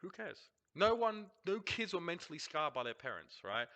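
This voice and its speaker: Brief: Australian man, blunt ranting host, lively and swinging in pitch. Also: moderate pace. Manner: animated, blunt, swears freely, rants in long runs. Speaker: host reviewing a match broadcast. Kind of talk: casual commentary over a replay.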